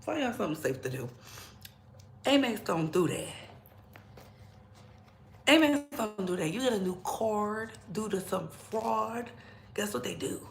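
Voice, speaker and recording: A woman's voice: mid-range voice, lively intonation, measured pace, vocal fry. Chatty woman gossiping in an echoey room. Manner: chatty, repeats herself, drops into whispers. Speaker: gossip show host. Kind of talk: casual celebrity gossip commentary.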